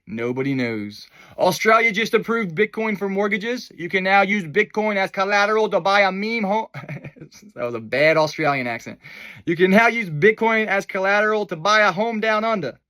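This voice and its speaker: A young man with a high, bright voice talks through the week's news in a loose, enthusiastic way, full of fillers and asides. The sound is close and dry, with no room around it. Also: dry recording. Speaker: host of a crypto news video. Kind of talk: casual news commentary.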